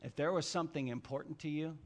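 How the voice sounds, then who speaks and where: A man preaching a sermon, telling stories with dramatic swings from hushed to loud. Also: fairly high pitch, quick pace. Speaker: pastor.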